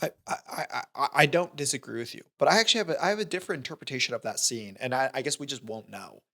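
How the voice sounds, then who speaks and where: A man co-hosting a podcast in casual film discussion, retelling scenes in an animated way with many restarts. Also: medium pitch, fast, vocal fry. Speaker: podcast co-host.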